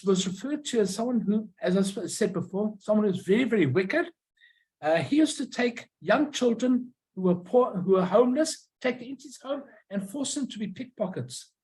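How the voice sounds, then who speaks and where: A presenter giving an informal illustrated talk on old stamps and postcards, pausing often, restarting phrases and correcting themselves. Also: mid-range voice, darkish tone, low-quality recording. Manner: halting, many restarts and self-corrections.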